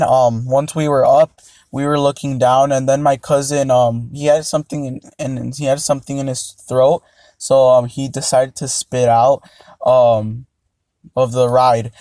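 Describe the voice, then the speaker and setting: Young guy, casual storytime, rambling with lots of ums, mellow tone, dry close sound. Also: mid-range voice, no echo. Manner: rambling, hesitant, many fillers. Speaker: vlogger.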